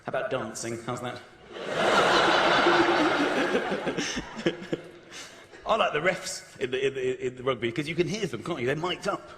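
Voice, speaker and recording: A man doing a stand-up comedy routine in a large theatre, animated, acting out characters and shouting punchlines. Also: medium pitch, slow pace, pauses often, very noisy. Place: large theatre stage with audience. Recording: roomy live theatre recording with audience. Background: audience laughter.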